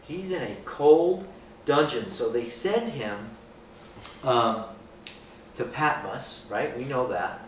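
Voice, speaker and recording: A man's voice: medium pitch, expressive, slow, pauses often. A man giving an informal, joking Bible talk to a group, often asking "right?" and acting out people's reactions. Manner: conversational, asks rhetorical questions, often adds "right?"; jokey, acts out people's reactions. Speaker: speaker leading a group. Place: echoey room with a group. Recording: roomy, distant, faint hiss.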